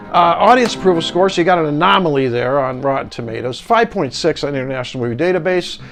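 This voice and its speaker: Male reviewer with a higher voice, blunt and meandering; faint music underneath. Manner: blunt and rambling, with many fillers and restarts. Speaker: movie reviewer. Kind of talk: casual spoken review.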